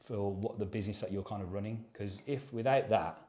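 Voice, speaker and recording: A man's voice: lowish voice, brisk, warm tone, a little hiss or hum. Sweary man chatting, echoey room. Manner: rambling, sweary and matter-of-fact. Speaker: podcast co-host. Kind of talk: casual chat.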